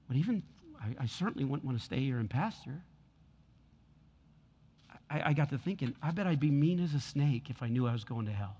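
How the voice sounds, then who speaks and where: A man's voice: medium pitch, animated, fairly quick, long pauses, darkish tone. Male pastor, church sermon, big hall echo, repeats for emphasis. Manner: preaching with rising force and repeated lines. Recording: long hall reverb.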